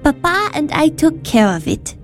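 A woman voicing a practical, caring older sister with a brisk, sensible manner in an audio drama. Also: sits high, very animated, soft background music.

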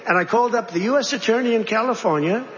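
A man's voice: high voice, quick pace, fairly bright tone. Rambling man in a big echoing hall. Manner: digressive, repetitive, conversational asides and rhetorical questions. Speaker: politician addressing a crowd. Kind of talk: rambling campaign-style speech. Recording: dull, reverberant hall recording with faint noise.

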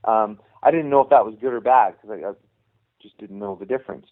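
A man's voice: on the low side, a little fast. A middle-aged man, a youth hockey coach, telling a long story in a casual interview, full of restarts and "you know". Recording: tinny phone-line sound.

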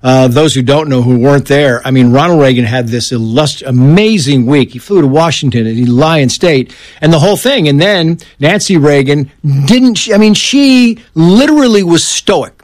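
A middle-aged man, a journalist and author, telling animated anecdotes in a talk show interview. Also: fairly high pitch, moderate pace, few pauses, dry recording. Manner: animated anecdotes with acted-out quotes. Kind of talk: casual interview storytelling.

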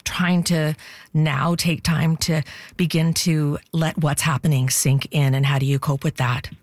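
Radio host, mid pitch, gentle probing questions, stammered starts, dry studio sound. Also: level tone, measured pace, dry recording. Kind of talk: radio interview.

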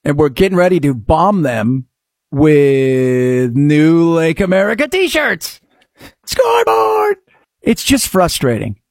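A man hosting a talk radio show, delivering a sarcastic, animated monologue. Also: a little high, takes it slowly, no room sound, studio quality.

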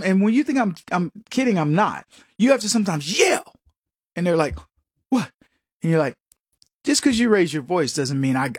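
An emphatic man from the United States holds forth in a combative monologue. His voice sits high and jumps around a lot, with a slightly husky edge. The sound is dry and close. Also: no echo. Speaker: commentator. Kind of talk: opinionated monologue.

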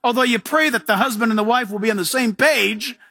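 High, bright-voiced male pastor preaching. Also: brisk, no room sound. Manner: animated, emphatic, repeats "listen". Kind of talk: sermon.

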